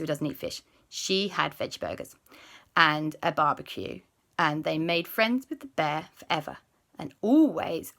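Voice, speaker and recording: Slow, animated woman telling a bedtime story. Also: lowish voice. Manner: slow, animated, drops to whispers for suspense. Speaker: children's storyteller.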